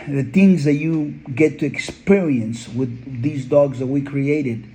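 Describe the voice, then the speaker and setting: A man's voice: mid-range voice, slow, mellow, slight background noise, low-quality recording. A man, a dog breeder, telling heartfelt stories in an earnest, conversational interview. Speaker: pit bull breeder.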